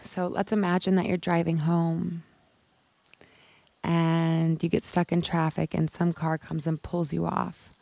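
A woman's voice: on the low side, little pitch movement, measured pace, vocal fry, warm tone, dry recording. A woman coach giving a motivational talk, telling a story and casually acting out other people's lines, sometimes swearing. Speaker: women's life coach.

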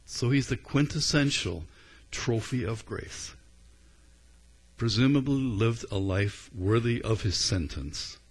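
A male pastor delivers a sermon in a low, slightly husky voice. He sounds earnest and conversational. He often stops to gather his thoughts with an "um.". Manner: earnest and conversational, with frequent ums.

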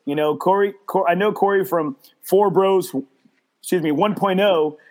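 A podcast host with a voice that sits high tells a story at a moderate pace in a casual chat. He swears a lot, stumbles into repeated restarts, and imitates other people in a mocking tone when quoting them.

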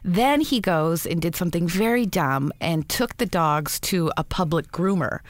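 A woman co-hosting a podcast, telling stories in a casual, animated way and mocking people with quoted voices. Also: fairly low pitch, normal speed. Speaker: podcast co-host. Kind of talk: casual chat.

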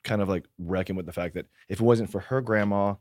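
A man's voice: lowish voice, fast, a little mellow, no room sound, studio quality. A man, the guest's husband, explaining things earnestly in a casual chat and stumbling over his words as he goes.

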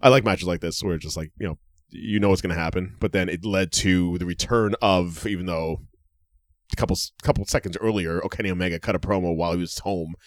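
A man's voice: sits low, brisk, dry recording, clean studio sound. A man in his forties co-hosting a podcast, chatting casually and rambling with frequent fillers and laughs. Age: 40s. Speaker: podcast co-host. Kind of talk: casual chat.

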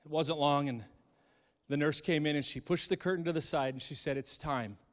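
A middle-aged man telling an emotional story from the pulpit, moving between hushed and impassioned delivery. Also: on the high side, steady tone, brisk, big-room sound. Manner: dramatic, swings from hushed to impassioned. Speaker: speaker.

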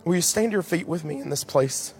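A male pastor preaching an impassioned sermon in a church sanctuary, building to loud appeals. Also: on the high side, fast talker. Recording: long hall reverb, faint music.

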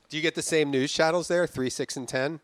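A man's voice: a little high, no echo. A man from Philadelphia with a Philadelphia accent, hosting a podcast in a laid-back, joking casual chat. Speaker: podcast host.

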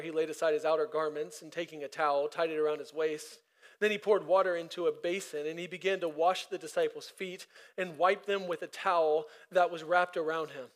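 Male pastor, high-pitched, emphatic and chatty from the pulpit. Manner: emphatic and conversational, with repetition and side laughs. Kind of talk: sermon.

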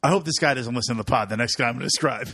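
A man's voice: medium pitch, very fast, fairly bright tone, slightly rough. A man co-hosting a podcast in casual comedic chat, joking and laughing often. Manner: joking, laughs often, puts on voices in stories. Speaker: podcast co-host.

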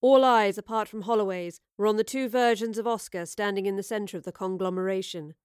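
A woman narrating a story with a steady, expressive delivery. Her voice is smooth and clear, recorded close and dry with no room sound. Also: medium pitch, brisk, no room sound. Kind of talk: scripted narration.

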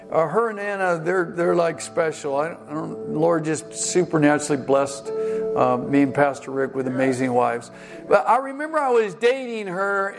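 A male pastor preaching a sermon, telling a self-deprecating story with halting restarts and acted-out dialogue. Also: sits high. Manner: halting restarts and repeated words.

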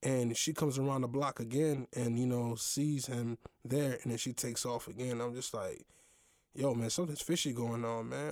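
On the show he hosts, a young man tells a personal story in slangy, animated, filler-heavy casual style. He speaks at a moderate pace in a mid-range voice, and the recording is dry and studio quality.

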